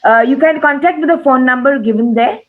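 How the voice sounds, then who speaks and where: A woman's voice: sits high, brisk, a little hiss or hum. A woman with an Indian English accent co-hosting an online webinar Q&A, earnest and repeating her points with many fillers. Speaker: webinar co-host and English teacher. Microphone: video call. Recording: tinny phone-like call audio.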